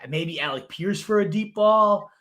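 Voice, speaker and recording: Man, higher voice, bright tone, casual podcast chat, eager, lots of fillers. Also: normal speed. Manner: enthusiastic, hesitant with fillers. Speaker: fantasy football co-host.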